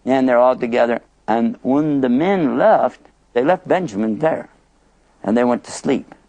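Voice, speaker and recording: A man's voice: medium pitch, unhurried, dark tone, no room sound. A man narrating a prophet story in a chatty, playful, dramatic way. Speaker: Islamic storyteller.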